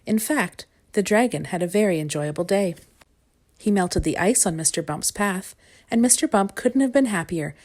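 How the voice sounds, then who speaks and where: A woman reading a children's storybook aloud in a calm, measured way. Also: mid-range voice. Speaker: storybook reader.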